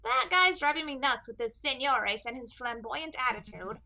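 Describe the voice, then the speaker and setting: A woman's voice: high-pitched, lively intonation, normal speed, creaky, pushed and bright, heavily acted. A woman playing a brash, mocking jail guard. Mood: smug.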